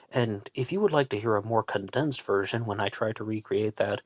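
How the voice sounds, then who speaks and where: A man's voice: on the low side, no room sound. A man hosting an online radio show, talking through a casual monologue with sarcastic asides.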